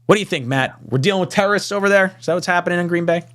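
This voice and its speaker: A man hosting a live fan podcast panel, reading viewer super chats and chatting casually, with animated swearing asides. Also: high voice, racing. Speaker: podcast host.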